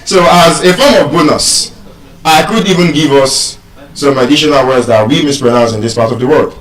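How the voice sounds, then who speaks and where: Nigerian male speaker, lively teacher at a distant mic in a reverberant hall. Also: mid-range voice, normal speed. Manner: animated, quizzes the audience with questions. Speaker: public speaker teaching pronunciation. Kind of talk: live speech to an audience. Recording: echoey hall, voice from far off.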